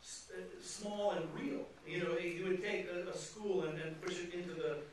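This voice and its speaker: A man's voice: high-pitched, steady tone, moderate pace, a little hiss or hum. A man moderating an onstage film discussion, speaking analytically with hesitant restarts. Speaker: moderator of a screening Q&A. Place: large theatre hall. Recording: echoey theatre from far off.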